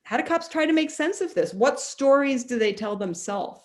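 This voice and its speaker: A middle-aged woman author, a guest on a video call, tells stories chattily in a high, animated voice at normal speed. Her conversational storytelling is full of ums and restarts.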